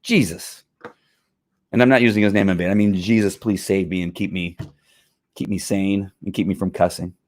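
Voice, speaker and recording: A man's voice: sits low, fairly even intonation, moderate pace, a little mellow. A middle-aged man, a former police officer, hosting his own show and talking casually in a frustrated, emphatic rant. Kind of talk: casual livestream commentary.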